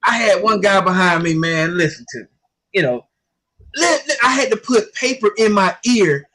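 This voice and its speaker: A man's voice: sits high, expressive, moderate pace, bright, forceful tone. A man telling a long, rambling story in casual sports chat, often repeating himself. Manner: rambling storyteller, repeats "I ain't gonna lie to you". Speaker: guest commentator.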